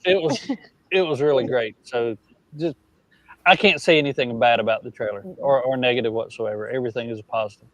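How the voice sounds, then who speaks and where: A man's voice: medium pitch, animated, brisk, no echo, low-quality recording. A man who is a guest on a podcast, chatting casually about his trailer in a jovial, talkative way. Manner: jovial, chatty, steers the talk.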